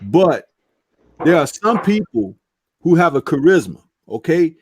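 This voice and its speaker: A fairly high-pitched man lectures earnestly on a talk stream, punctuating his points with "okay." His voice is dry and close, with no room around it. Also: very animated, measured pace, breathy edge, no room sound. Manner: earnest, preachy, emphatic with "okay" asides. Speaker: boxing talk show panelist. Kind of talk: casual panel chat.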